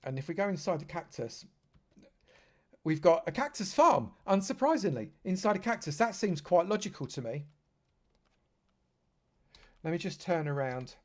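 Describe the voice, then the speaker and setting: A man streaming a live walkthrough of a game world, talking in a slightly high voice. He chats freely and gushes over everything he points out. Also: very animated, moderate pace, long pauses. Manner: effusive, chatty, lavish with praise. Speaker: streamer touring a game server. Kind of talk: live gameplay tour commentary.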